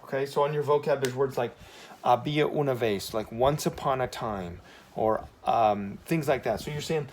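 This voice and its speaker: A man's voice: mid-range voice, moderate pace, darkish tone. A man with an ordinary mid-range voice walks a class through Spanish verb tenses in a loose, conversational way. He keeps checking in with "okay?" and corrects himself on the fly. A faint hiss sits under the classroom recording. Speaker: Spanish teacher. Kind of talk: casual classroom lesson at a whiteboard.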